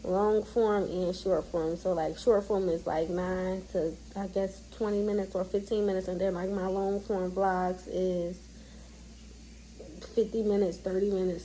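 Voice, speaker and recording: A woman in her thirties talking straight to her viewers in a loose, rambling way. Her voice is mellow and dark, and a faint hum sits under it. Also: mid-range voice, flat delivery, a little slow, poor audio. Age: 30s. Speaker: vlogger. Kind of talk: casual vlog sign-off.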